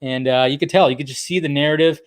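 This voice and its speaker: Excitable, swearing man ranting on a live stream. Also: a little high, fast. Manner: excitable, swears often, laughs at himself.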